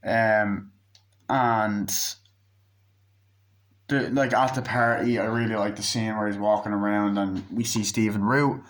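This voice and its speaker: Man, lowish voice, casual film review, rambling, swears a lot. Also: little pitch movement, a little slow, pauses often. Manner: rambling, swears freely, loses his train of thought. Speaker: movie reviewer.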